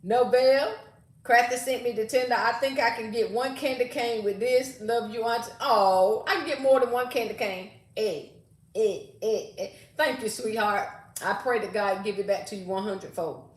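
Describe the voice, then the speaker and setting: A woman's voice: on the high side, moderate pace, echoey room. A woman hosting a casual livestream, reading viewer comments aloud and greeting people by name.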